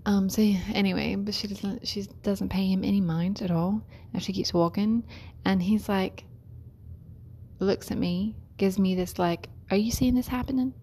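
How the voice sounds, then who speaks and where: A woman's voice: mid-range voice, steady tone, unhurried, warm tone. Chatty woman care worker, storyteller, laughs a lot, drops to whispery asides. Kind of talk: casual storytelling.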